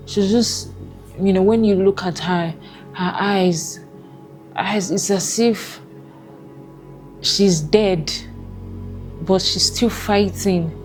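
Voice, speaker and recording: A Nigerian woman giving a personal testimony, speaking haltingly with emotional pauses. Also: lowish voice, a little mellow. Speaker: testimony guest.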